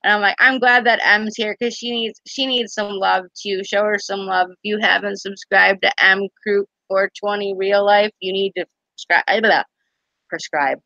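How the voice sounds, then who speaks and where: A woman's voice: medium pitch, level tone, moderate pace, sharp tone, dry recording, muffled recording. A woman hosting a casual live stream chat, giggly and rambling, full of "like".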